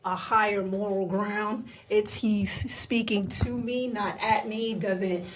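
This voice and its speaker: A woman guest on a podcast, reflective, searching for her words with pauses. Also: medium pitch, steady tone, a little hiss or hum. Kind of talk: casual conversation.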